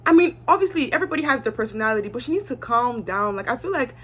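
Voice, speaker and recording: A woman's voice: on the high side, animated, rapid-fire, a bit bright, slightly rough. Young woman, casual and blunt, talks straight to camera with her own opinions. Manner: chatty, candid, acts out cast members' lines. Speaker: reality show reviewer.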